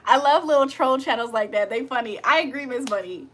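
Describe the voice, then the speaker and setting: A woman's voice: high voice, a little fast, fairly bright tone, a little hiss or hum. A woman hosting a casual live stream, reading viewer comments aloud and joking around with plenty of laughter and loose slang. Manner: playful, joking, laughs often; slangy, loose street-style talk. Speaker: livestream host.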